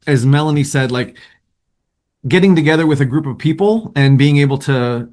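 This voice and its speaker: A man with a voice of middling pitch, hosting a group video call. He thanks people by name and keeps an encouraging, easygoing tone. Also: darkish tone. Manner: encouraging, thanks each speaker. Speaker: support group host.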